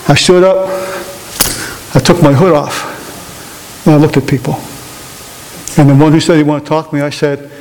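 A fairly high-voiced man preaches to his congregation, telling a story with lively swings between quick asides and slow, weighted lines. His voice rings through a large church with a long tail of reverb and a faint hiss underneath. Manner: animated, rises and slows for emphasis, asks the congregation questions. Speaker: pastor. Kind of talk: sermon storytelling.

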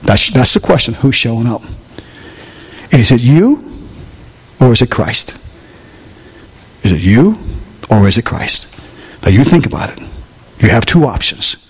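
A man's voice: mid-range voice, sing-song, unhurried, long pauses, breathy edge, in a large hall. An older man preaching a folksy sermon, often asking the congregation questions. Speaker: pastor.

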